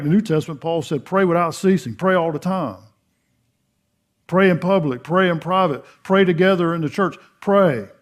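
A middle-aged man preaching a sermon, telling a Bible story in a folksy way and acting out the dialogue, swinging between loud emphasis and hushed earnestness. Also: high voice. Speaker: pastor.

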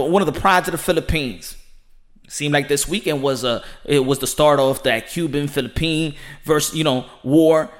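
A fairly high-voiced man riffs through a boxing podcast from a room at home. He talks in an excitable, slangy rush, circling back to "ladies and gentlemen" again and again. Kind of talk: animated boxing commentary monologue. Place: home room with children nearby. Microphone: home setup.

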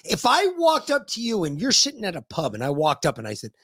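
A man co-hosting a political podcast, cursing and mocking as he rants. His pitch swoops widely from low grumbles to high outbursts. The sound is close and dry. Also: wildly swooping pitch, quick pace, a bit bright, slightly rough, no echo. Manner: profane, heated, mocking. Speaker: podcast co-host. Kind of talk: casual political rant.

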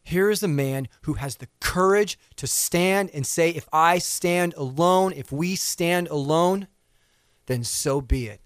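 A man giving an impassioned speech to an audience, swinging between loud fervor and hushed intensity. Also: on the high side, takes it slowly, dry recording, studio quality. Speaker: speaker addressing an audience.

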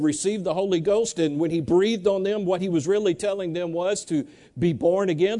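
A man preaching a sermon, animated and urging the congregation to answer back, reading Bible verses slowly. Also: sits high. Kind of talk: sermon with congregation call-and-response.

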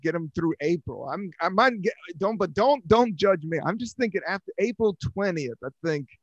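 A man, a comedian, hosting a casual podcast chat in a loose, laid-back, swearing way with animated stories. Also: sits high, moderate pace, no echo, highs cut off. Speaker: comedian host.

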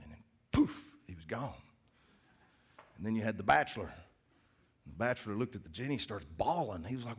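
A man's voice: medium pitch, expressive, brisk, husky. A middle-aged man preaching a sermon in church as the pastor, telling jokes and stories in a casual, chatty way. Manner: casual, joking storyteller.

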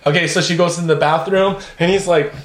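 Podcast co-host, man, high-pitched voice, crude storyteller, echoey room. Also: fairly even intonation, brisk. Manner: profane storyteller, acts out other people's lines. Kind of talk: crude casual podcast banter.

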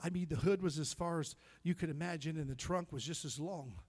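A male pastor with an American accent telling a personal story in a sermon, dropping to hushed whispers and rising to shouted praise. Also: on the high side, brisk.

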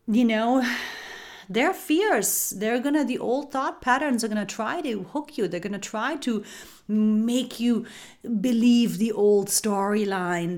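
A woman hosting a spiritual podcast speaks at a slow, unhurried pace in a mid-range voice. Her phrasing repeats like an incantation, and she often drops into a whisper to stress a point. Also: medium pitch. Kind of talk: slow spiritual guidance talk.

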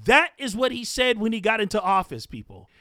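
A man hosts a podcast in an indignant, mocking political rant. His voice sits very high for a man and leaps around expressively. The sound is bright and dry, with no room around it. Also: big pitch swings, fairly quick, no room sound. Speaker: podcast host.

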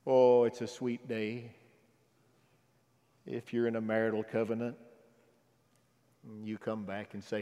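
A man preaching a sermon who swings from loud exhortation to hushed, intimate asides. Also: fairly low pitch, little pitch movement, slow pace, long pauses, long reverb tail.

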